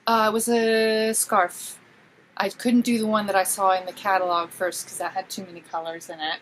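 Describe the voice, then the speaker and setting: A woman's voice: medium pitch, level tone, normal speed, a bit bright, slight background noise, poor audio. A woman guest who dyes yarn, chatting casually in an easygoing, self-deprecating way. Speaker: podcast guest, yarn dyer. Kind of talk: casual chat.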